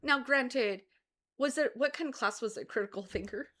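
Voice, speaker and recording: A woman co-hosting a casual late-night chat, speaking softly and earnestly. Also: a little high, normal speed. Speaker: co-host.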